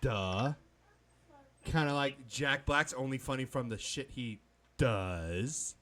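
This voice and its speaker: A man hosting a casual stream chat, animated and mock-outraged, swearing freely. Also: medium pitch, slow pace. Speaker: stream host.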